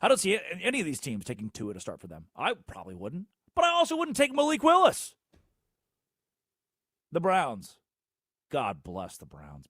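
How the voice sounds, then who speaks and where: A man hosting a solo sports talk show, ranting sarcastically and swinging between loud outbursts and low mutters. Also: no room sound, clean studio sound. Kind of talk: solo sports radio rant.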